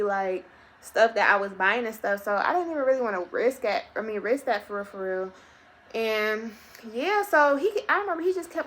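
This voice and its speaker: A young adult woman telling a personal story to her viewers in a casual, animated and very profane way. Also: on the high side. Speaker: vlogger.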